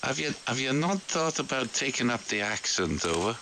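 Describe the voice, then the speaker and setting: A man's voice: mid-range voice, very animated, normal speed, pushed and bright. A man chatting on amateur radio, hesitant and full of stammered restarts. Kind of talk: casual radio chat. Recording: noisy amateur radio signal.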